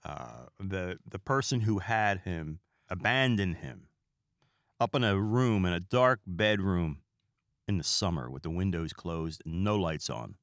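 A podcast host with a fairly low male voice tells stories in a loose, rambling way, stopping often to talk straight to his listeners. The recording is dry and close, with almost no room sound. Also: animated, unhurried, a bit bright, no room sound. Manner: rambling, chatty, with asides to listeners. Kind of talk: casual comedic storytelling.

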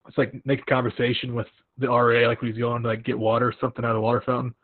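A young man hosting a casual chat, telling animated stories and acting out what people said. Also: mid-range voice, rapid-fire, dry recording. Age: young adult. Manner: animated storytelling with acted-out quotes. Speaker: podcast host. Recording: tinny phone-like line, dry.

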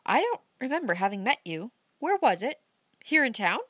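A woman reading aloud, voicing a cheerful, teasing young woman in a bright, lilting voice. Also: on the high side, big pitch swings, slightly rough, dry recording, studio quality, pitched above the performer's own voice, exaggerated voice. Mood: puzzled. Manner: bright and lilting, quick to laugh.

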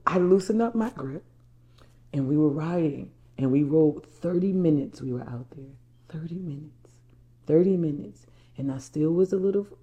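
A woman from New Jersey speaks as a life coach with a low, mellow voice. She tells a personal story straight to her viewers, stressing her points and circling back over her words. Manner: emphatic, repeats herself, addresses viewers as y'all.

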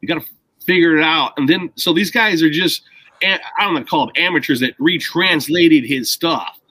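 A man's voice: fairly high pitch, moderate pace, pushed and bright, breathy edge, no room sound, low-quality recording. A man co-hosting a casual chat, explaining at length in a rambling, emphatic way and stressing key words.

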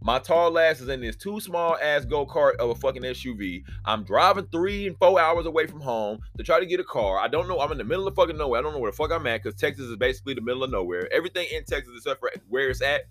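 A man's voice: mid-range voice, animated, fast, few pauses, a bit bright. A man hosting a solo podcast, telling a story in a profane, exasperated rant. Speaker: podcast host.

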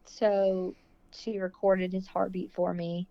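Low-voiced woman telling an emotional story. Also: flat delivery, moderate pace. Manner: emotional, rambling, heavy use of "like". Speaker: guest sharing her birth story. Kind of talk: casual conversational storytelling. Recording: dull lo-fi dry sound.

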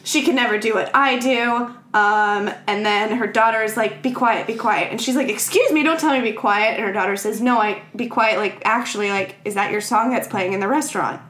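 A woman's voice: medium pitch, fairly quick, hardly any pauses, reverberant. A woman chatting casually as a podcast co-host, telling a story with lots of acted-out quotes and frequent laughter. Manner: animated storytelling, acts out quotes, laughs often. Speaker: podcast co-host recapping a film. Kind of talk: casual chat.

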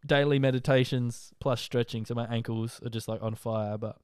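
A young Australian man talking casually into a close mic and sounding a bit tired. His voice is smooth and clear, and he rambles along with plenty of fillers. The room sounds dry, with almost no echo. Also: medium pitch, steady tone, normal speed, darkish tone. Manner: rambling and chatty, full of "like" and "um". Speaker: podcast host. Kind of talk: casual monologue update.

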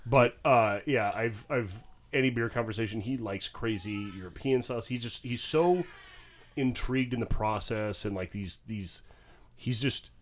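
A man's voice: medium pitch, measured pace. A man who works at a brewery, co-hosting a casual podcast in a laid-back, filler-heavy way.

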